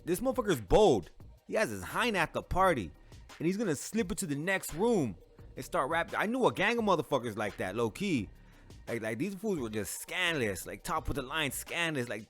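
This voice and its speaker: Man reacting to a movie, casual, profane slang, laughing often, slightly high voice. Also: very animated, normal speed, faint music behind. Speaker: movie reviewer.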